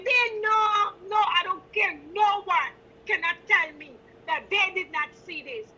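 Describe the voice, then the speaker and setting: A woman's voice: extremely high pitch, sharp tone, lo-fi sound, slight background noise. A woman from Guyana with a Guyanese accent, calling into a talk show and speaking with passion, repeating her points for emphasis. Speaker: caller. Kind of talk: impassioned call-in talk.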